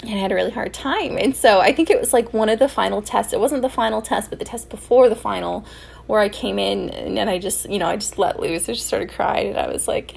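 A woman's voice: medium pitch, fairly quick, gravelly, a little mellow, breathy edge. A young woman hosting a solo podcast, telling personal stories in a candid, emotional way with many fillers and restarts. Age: young adult. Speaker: podcast host.

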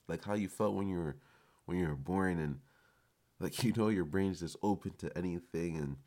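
A man's voice: deep voice, darkish tone. A man delivers a loose motivational monologue on his podcast. He talks casually and with emphasis, and he swears freely. He comes across as loose and fired up. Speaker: podcast host.

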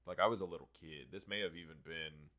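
A young man with a low, deep voice and a bright, forceful edge tells a story on a podcast. He talks casually and swears freely. His delivery is animated and keeps the story moving. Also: fast talker. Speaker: podcast host.

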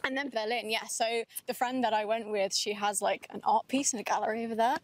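A woman's voice: fairly high pitch, fairly even intonation, fast, poor audio. Chatty young woman, upbeat and giggly. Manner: chatty, upbeat, laughs often, says "like" a lot. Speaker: podcast co-host. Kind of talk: casual walking chat. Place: outdoors on a campus.

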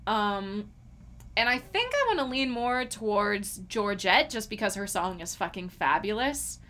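A woman's voice: mid-range voice, sing-song, unhurried, a bit bright. A woman co-hosting a casual podcast chat, giggly and gushing as she quotes lines. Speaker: podcast co-host.

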